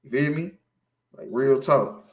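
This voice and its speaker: A man's voice: medium pitch, measured pace, roomy sound, muffled recording. A man giving an informal sermon, teaching scripture emphatically and asking his listeners again and again if they follow him. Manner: emphatic, preachy, keeps asking "you feel me". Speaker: street preacher teaching scripture.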